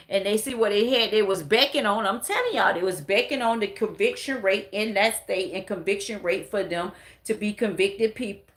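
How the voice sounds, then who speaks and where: A woman's voice: mid-range voice, fairly bright tone. A woman hosting a casual livestream, ranting bluntly and with lots of swearing as she talks straight to her viewers. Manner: blunt, profane, emphatic ranting. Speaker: livestream commentator.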